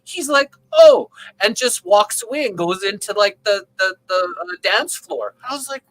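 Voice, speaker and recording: A man telling a long, rambling story in casual conversation on a video call, keeping it animated and often checking in with the listener. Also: high-pitched, normal speed, rough recording. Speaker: open panel participant.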